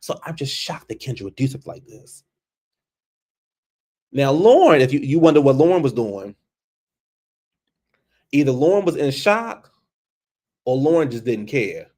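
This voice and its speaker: A man giving a casual, profane recap of a show on camera, animated and repetitive. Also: medium pitch, normal speed, pauses often. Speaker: show reviewer.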